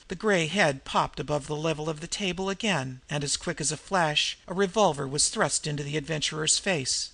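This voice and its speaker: Gravelly bright male storyteller. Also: on the high side, no echo. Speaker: audiobook narrator. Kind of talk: scripted narration.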